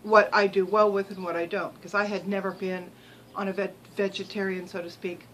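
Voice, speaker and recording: Older woman, casual vlogger, bright rambling chat, faint hum behind. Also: medium pitch, flat delivery, fairly quick, rough recording. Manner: rambling, chatty, many ums and restarts. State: chewing while talking.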